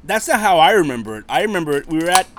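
Lively, animated man telling stories. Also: fairly high pitch, racing, a crowd in the background. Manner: animated storyteller, acts out quotes, laughs often, swears. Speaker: podcast co-host. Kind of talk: casual storytelling chat.

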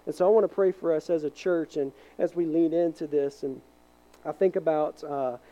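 A man preaching from the pulpit with a warm, mellow tone. His delivery is animated; he acts out voices in his stories and sometimes drops to a soft hush to stress a point. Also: on the high side, normal speed, poor audio. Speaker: pastor. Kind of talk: sermon.

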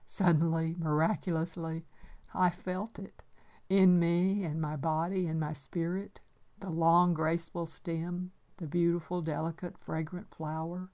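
An older woman gently reading her own memoir aloud in a reflective storytelling manner. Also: deep voice, little pitch movement, a little slow.

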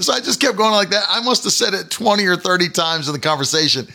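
A middle-aged man preaching a sermon, telling a personal story with laughter and animated delivery. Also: sits high, fast, vocal fry, hardly any pauses.

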